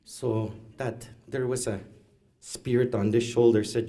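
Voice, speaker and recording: A man, a stand-up comedian telling stories on stage with deadpan asides. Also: medium pitch, a little slow. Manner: storytelling, deadpan asides, laughs at own jokes. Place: live event hall, audience.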